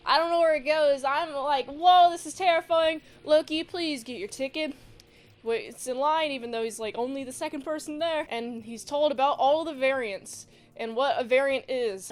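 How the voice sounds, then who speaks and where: A woman's voice: high voice, a bit bright. A woman casually recapping and reviewing a show, chatty and joking as she acts out quotes.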